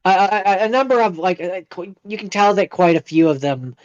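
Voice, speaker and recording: A man co-hosting a podcast, chatting casually in a halting way with many hedges and fillers. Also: sits high, animated, dry recording, highs cut off. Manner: halting, hedging, lots of fillers. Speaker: podcast co-host. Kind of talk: casual chat.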